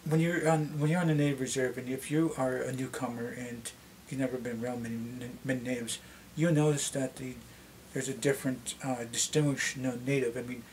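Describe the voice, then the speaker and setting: A man's voice: flat delivery, a little fast, hardly any pauses, a little mellow, a little hiss or hum. Canadian man rambling casually. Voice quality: slightly deep voice. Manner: rambling, many restarts and fillers. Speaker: vlogger. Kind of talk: casual rambling chat to camera.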